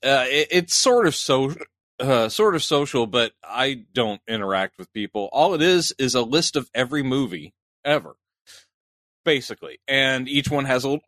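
A podcast co-host in his fifties has the hiccups while he rambles and laughs through a casual chat. His mid-range voice is lively and a bit bright at a normal speed, captured at studio quality with no room sound.

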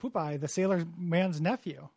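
A man's voice: fairly high pitch, normal speed, gravelly, darkish tone, slightly rough, dry recording, studio quality. An American man co-hosting a podcast in casual chat, full of goofy jokes and wordplay. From United States. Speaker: podcast co-host.

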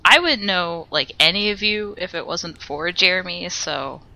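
Bright low-voiced woman hosting. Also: lively intonation, measured pace, creaky, dull audio. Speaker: podcast host. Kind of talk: casual chat.

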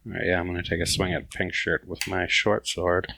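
A man's voice: sits low, little pitch movement, fairly quick, vocal fry, sharp tone, no room sound. A man playing a tabletop game who eagerly asks about and declares his character's actions. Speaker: player. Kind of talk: casual tabletop play.

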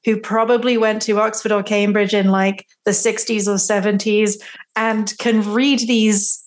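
A woman's voice: medium pitch, flat delivery, measured pace. A woman co-hosting a podcast in casual chat, laughing often as she talks. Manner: giggly, laughs often between lines. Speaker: podcast co-host.

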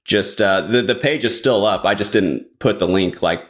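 A man's voice: fairly low pitch, normal speed. A man chatting casually as a podcast guest, rambling along with lots of "like" fillers. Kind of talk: casual chat.

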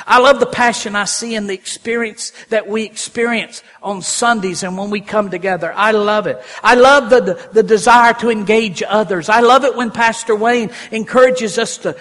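A high-pitched man preaches a lively sermon, swinging between soft asides and loud, animated exclamations. His voice rings with the long reverb of a church hall. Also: normal speed, hardly any pauses. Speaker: pastor. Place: church sanctuary.

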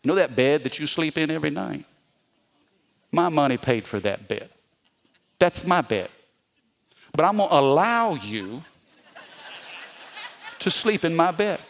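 A man's voice: a little high, very animated, a little slow, vocal fry, pauses often, heavily acted. A man voicing a stern father who lays down the law in a dry, matter-of-fact way, as a quoted story inside a sermon.

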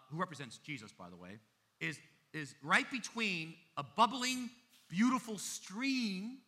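Bright-voiced, emphatic male pastor. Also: high-pitched. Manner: emphatic, with big swings in loudness. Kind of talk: sermon.

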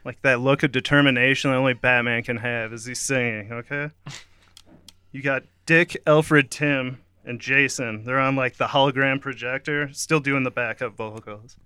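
A man's voice: medium pitch, fairly even intonation, moderate pace, sharp tone, clean tone, dry recording. A man giving a playful, giggly play-by-play of an imagined scene, often breaking into laughter. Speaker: comedic narrator. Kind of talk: playful play-by-play over a song. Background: song playing.

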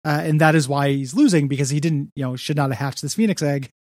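A man's voice: a little high, steady tone, fast talker, darkish tone, no room sound, clean studio sound. A young man co-hosting a podcast, rambling through a comics recap with lots of fillers. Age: young adult. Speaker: podcast co-host. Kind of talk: casual comics discussion.

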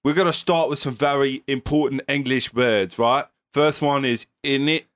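A man's voice: mid-range voice, big pitch swings, moderate pace, sharp tone. A man putting on a cheeky Cockney Englishman who teaches English word by word.

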